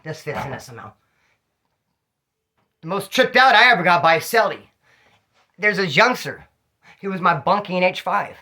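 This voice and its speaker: A middle-aged man telling rambling, slang-filled prison stories in a casual, animated way, a little tipsy. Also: sits high, moderate pace, pauses often. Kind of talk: casual storytelling to camera.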